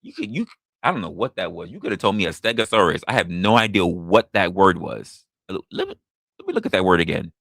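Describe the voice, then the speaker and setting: This man's low, creaky voice runs a little fast, captured with no echo in studio quality. A podcast host on a live stream, he drinks as he responds to chat and spins a heavily sworn, lively story, doing voices for the people he quotes.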